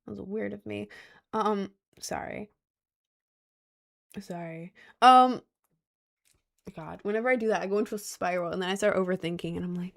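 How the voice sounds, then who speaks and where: A woman's voice: mid-range voice, normal speed, vocal fry, long pauses. A young woman streaming and reading her chat, giggly and rambling, full of slang and self-conscious asides. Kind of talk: casual live-stream chat.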